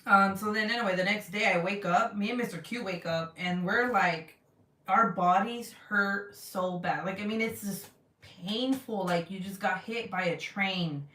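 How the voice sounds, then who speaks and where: A woman's voice: mid-range voice, unhurried. A young woman chats to her viewers in a loose, profane storytelling flow, acting out whoever she quotes. She sits a little back from the mic, so her voice carries a roomy echo. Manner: animated, profane, acts out quotes in her retelling. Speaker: craft vlogger. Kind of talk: casual storytelling chat, reading live comments. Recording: roomy sound from a distance.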